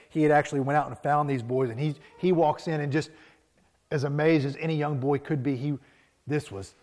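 A man pastor preaches in an animated, chatty storyteller's style, with a middle-pitched voice. His words hang in the long reverb of a church sanctuary. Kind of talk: sermon with storytelling.

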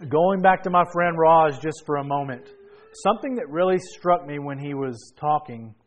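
A man preaching a sermon, telling a family story with animated energy and sudden bursts of shouting. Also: mid-range voice. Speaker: pastor. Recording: dull lo-fi sound.

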